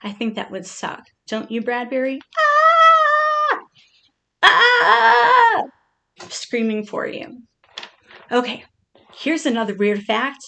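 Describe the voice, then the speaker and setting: Chatty woman with a creaky voice. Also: a little high, normal speed. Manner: chatty and playful, reading out odd facts. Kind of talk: casual chat to a pet.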